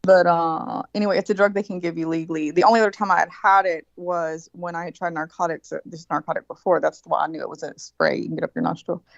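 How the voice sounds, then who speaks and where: A woman's voice: lowish voice, fairly even intonation, fast, vocal fry, hardly any pauses, dry recording, muffled recording. A woman in casual chat, telling a vivid, profane story and acting out the quotes of the people in it. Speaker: birthday guest.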